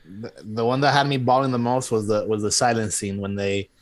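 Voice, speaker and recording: A man co-hosting a podcast, excitable and laughing often as he chats with friends. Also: fairly low pitch, fairly quick. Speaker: podcast co-host, musician. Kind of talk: casual chat.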